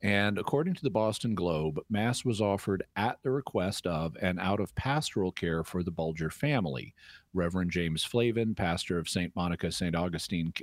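A man answering listener questions on a call-in radio show, explaining things in a measured way with occasional restarts. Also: low voice, expressive, dry recording.

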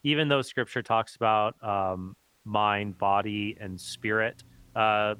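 A man appearing as a radio show guest, chatting playfully and then explaining doctrine clearly. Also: lowish voice, fairly even intonation, slow pace, fairly bright tone. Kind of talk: casual radio chat and explanation.

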